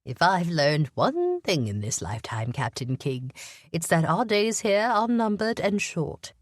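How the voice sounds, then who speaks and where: A woman reading an audiobook, voicing a frail, sharp-eyed old woman, sick in bed, who teases in a wry, blunt way. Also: lowish voice, sing-song, a little slow, no room sound, clean studio sound. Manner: wry and teasing. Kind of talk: audiobook character voice.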